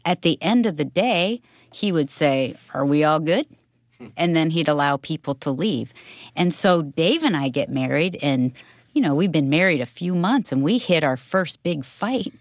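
A woman, a co-host telling a story in conversation, lively and expressive. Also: fairly low pitch, normal speed, no echo, studio quality.

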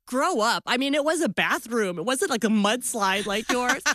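A woman in her fifties telling a personal story in a casual chat, animated, acting out voices as she goes. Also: a little high, normal speed, a little hiss or hum. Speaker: guest.

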